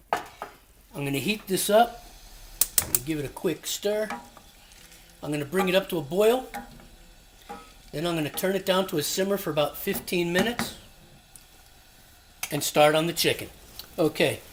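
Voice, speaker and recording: A man's voice: on the high side, background noise. Friendly guy walking through a recipe, casual, says man and dude, kinda roomy sound. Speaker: cooking channel host. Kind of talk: casual cooking vlog. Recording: echoey room.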